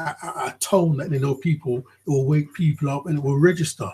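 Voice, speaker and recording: A man's voice: on the high side, normal speed, hardly any pauses, warm tone, husky, low-quality recording. A man vlogging in a rambling, casual commentary monologue, swearing freely and often checking in with the listener.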